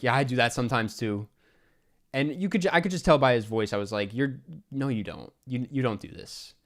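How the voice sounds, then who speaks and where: Young guy streamer rambling through a story, gets worked up and laughs a lot, mid-pitched voice. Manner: animated, exasperated anecdote-telling with laughs. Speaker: streamer host. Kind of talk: casual storytelling chat.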